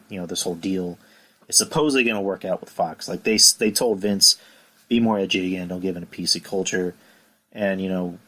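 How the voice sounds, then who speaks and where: A man's voice: low-pitched, pushed and bright. A man hosting a casual podcast, rambling and filling his talk with "you know" and sighs. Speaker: podcast host. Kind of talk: casual chat.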